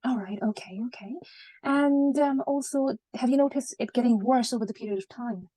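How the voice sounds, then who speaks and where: A woman playing a gentle reassuring doctor. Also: fairly high pitch, moderate pace, dry recording, lightly acted. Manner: gentle, reassuring, many okays. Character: calm junior woman doctor at a clinic.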